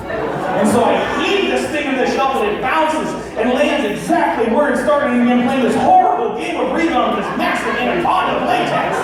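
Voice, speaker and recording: Young guy doing standup in a club, voice jumps all over, echoey room heard from far off, noisy. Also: very high-pitched. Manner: animated storytelling with acted-out quotes. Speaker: stand-up comedian. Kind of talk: stand-up comedy set. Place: comedy club stage.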